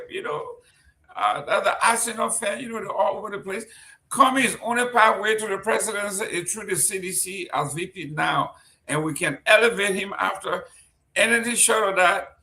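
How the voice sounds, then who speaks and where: Man, talk show host, gravelly, bright, chatty, joking, roomy echo. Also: high-pitched. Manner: chatty, joking, reads out shout-outs. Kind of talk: live-stream talk show, reading viewer comments.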